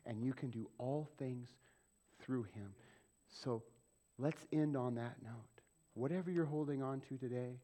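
Guy pastor preaching to his church, lively, asks the room questions, mid-pitched voice. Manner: animated, asks the congregation questions and acts out quick quoted voices. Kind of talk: sermon.

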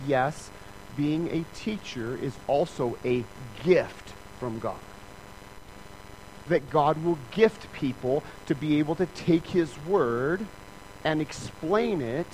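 A man preaching in a church with a slightly raised pitch, his tone conversational and joking. He slips into other people's voices to act out little scenes. A faint hum runs behind him. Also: a little mellow, low-quality recording. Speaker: pastor. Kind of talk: sermon.

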